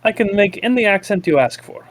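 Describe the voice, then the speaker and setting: A man's voice: sits high, expressive, fairly quick, dry recording, pitched above the performer's own voice. A man putting on a boastful figure with a hammy foreign accent and stilted broken English.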